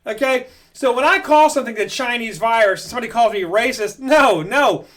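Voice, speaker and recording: A man's voice: extremely high pitch, a little fast, fairly bright tone. A man ranting bluntly and emphatically, repeating his points in an opinion monologue. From United States. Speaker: home school dad vlogger. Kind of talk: opinion rant to camera.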